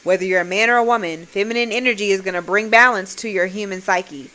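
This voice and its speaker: A woman's voice: mid-range voice, quick pace, bright, forceful tone. A young woman hosts a solo podcast, speaking bluntly and conversationally, with plenty of swearing and a preachy edge. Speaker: podcast host.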